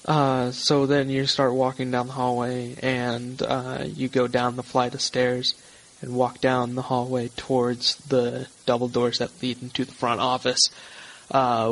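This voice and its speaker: A man narrating a tabletop horror game as game master over a voice call, with halting, filler-heavy narration. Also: medium pitch, completely flat delivery, a bit bright, poor audio. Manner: halting, many fillers and restarts.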